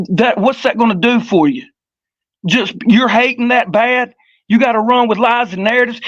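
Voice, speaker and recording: A man with a very high voice taunts and curses with aggressive force. The sound is dry and dull, like remote call audio. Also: a bit bright, no echo. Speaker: livestream panel guest. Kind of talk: heated live-stream argument.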